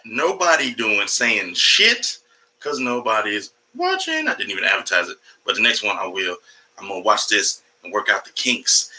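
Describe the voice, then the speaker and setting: Forceful, profane man livestreaming. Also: fairly low pitch, very animated, moderate pace, poor audio. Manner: profane, rambling, jumps between topics; talks to his cat mid-stream. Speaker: comedian livestreaming. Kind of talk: casual livestream monologue.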